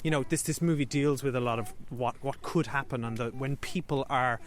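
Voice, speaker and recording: A man's voice: mid-range voice, fairly quick, a little hiss or hum. An Irish man co-hosting a film review podcast, talking casually with lots of fillers and restarts. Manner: chatty, with many fillers and restarts. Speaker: podcast co-host.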